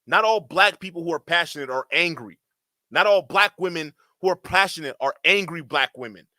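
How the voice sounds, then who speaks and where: A man's voice: a little high, animated, normal speed, pushed and bright, no room sound, studio quality. A man hosting a livestream, giving heated, profane commentary in a ranting manner. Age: adult. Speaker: streamer host.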